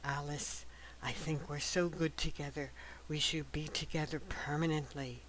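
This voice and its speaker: A woman reading the lines of an earnest, impatient young male violinist in love, blunt at one moment and hushed and tender at the next. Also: low voice, fairly even intonation, normal speed, a little hiss or hum, rough recording.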